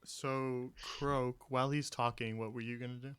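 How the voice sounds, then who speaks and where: A man running a tabletop game as game master, narrating in a measured way with frequent fillers. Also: mid-range voice, flat delivery, fairly bright tone, smooth.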